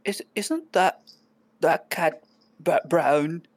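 A man playing Hops, a dim, soft-hearted goblin. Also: fairly high pitch, animated, drawn-out words, no room sound, full character voice. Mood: puzzled. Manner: hesitant and pleading, stammers.

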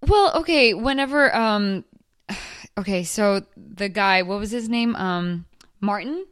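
A woman's voice: mid-range voice, animated, slow, clean tone. A woman co-hosting a podcast in casual chat, rambling with many restarts and fillers. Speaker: podcast co-host.

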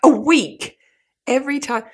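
A woman's voice: sits high, unhurried, a little mellow. A woman co-hosting a casual chat podcast, playful and teasing, laughing often. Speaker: podcast co-host.

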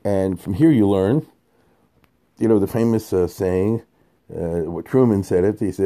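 Male Torah teacher, low dark voice, lively conversational lecture style. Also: normal speed, long pauses. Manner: animated, conversational, heavy Yiddish and Hebrew terms.

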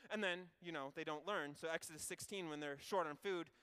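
A man preaching a sermon, retelling a story in an animated, conversational way with wry asides. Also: a little high, a little fast, smooth.

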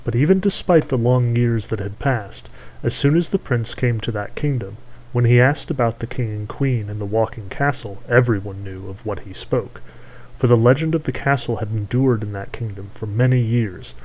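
A man narrating a fairy tale in a steady, measured storytelling manner. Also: medium pitch, poor audio.

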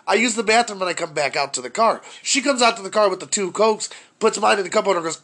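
A man's voice: high-pitched, expressive, fast, hardly any pauses, a bit bright. A man telling a profane, exasperated story about his day in casual chat.

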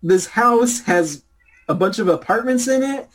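A man leads a relaxed chat about a film, his voice sitting a little high and unhurried. He talks in halting, searching bursts, restarting his sentences and laughing easily. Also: poor audio. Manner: hesitant, halting, laughs often. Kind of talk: casual chat.

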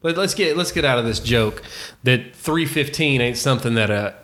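Middle-aged male co-host, chatty and animated, casual swearing. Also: mid-range voice, normal speed. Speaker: podcast co-host. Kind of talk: casual chat.

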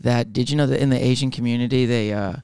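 A man, a comedian co-hosting a podcast, teasing fast and stumbling over his words in crude banter. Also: medium pitch, steady tone, creaky, a little mellow, clean tone, no room sound, clean studio sound.

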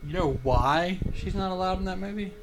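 A man's voice: sits high, brisk, a crowd in the background. A young man chatting casually with friends, crude and joking, telling stories with lots of laughter. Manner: crude, joking, animated storyteller, laughs often. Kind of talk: casual chat.

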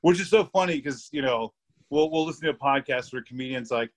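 A young man chatting as a podcast guest, his voice sitting in an ordinary middle pitch. He rambles loosely, stacking fillers, laughing mid-sentence and swearing casually as he tells stories. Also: a little fast. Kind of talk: casual storytelling chat.

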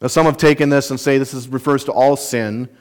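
A man's voice: mid-range voice, steady tone, a little fast. Earnest man preaching an expository sermon. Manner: earnest, emphatic, with rhetorical questions; explains word meanings and grammar of scripture. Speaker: pastor.

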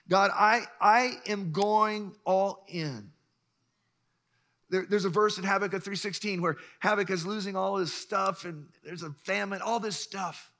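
Pastor in his 60s preaching, high bright voice, goes from loud bursts to hushed. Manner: emphatic, swings between loud bursts and hushed lines. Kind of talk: sermon.

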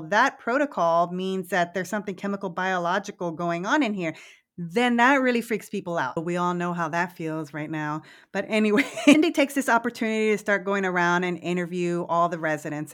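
A woman with a voice on the low side co-hosts a podcast, recapping a movie in a casual, animated way. She swears freely and laughs easily.

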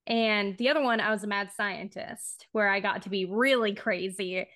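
A woman's voice: mid-range voice, moderate pace, a bit bright, dry recording, clean studio sound. A young woman co-hosting a casual interview, upbeat and giggly. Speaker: co-host.

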